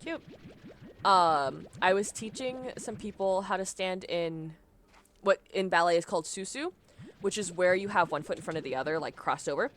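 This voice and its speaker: A woman's voice: on the low side, moderate pace, slight background noise. A young adult woman streaming a game live, chatting casually and rambling, often breaking into laughs. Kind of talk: casual live-stream chat while gaming.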